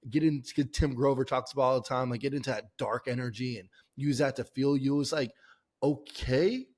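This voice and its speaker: A man's voice: medium pitch, steady tone, normal speed, darkish tone. Enthusiastic, rambling male podcast host. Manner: enthusiastic, filler-heavy, rambling questions. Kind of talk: casual conversational interview.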